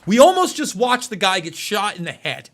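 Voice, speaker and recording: An emotional male host talks through live news commentary, tripping over his words and repeating himself. His voice sits high and swings widely in pitch, with a bright, forceful edge. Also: sing-song, normal speed.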